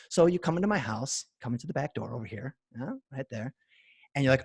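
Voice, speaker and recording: A young man leading a live online workshop, acting out both sides of an imagined dialogue and getting loud and emphatic. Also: mid-range voice, fast, slightly rough, dry recording. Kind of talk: animated teaching talk. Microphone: video call.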